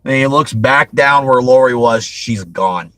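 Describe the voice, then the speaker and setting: A man's voice: medium pitch, measured pace, a bit bright, no echo, rough recording. A man hosting a casual movie review chat, rambling with frequent restarts and laughing often. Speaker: host.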